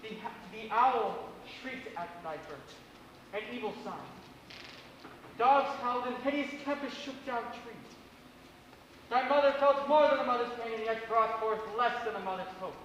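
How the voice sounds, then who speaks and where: A man's voice: very high voice, animated, normal speed, fairly bright tone, a little hiss or hum. A man playing a doomed, pious king on stage, delivering a solemn prophecy in verse, recorded from far off in an echoey theatre. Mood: prophetic. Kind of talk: stage acting of verse drama.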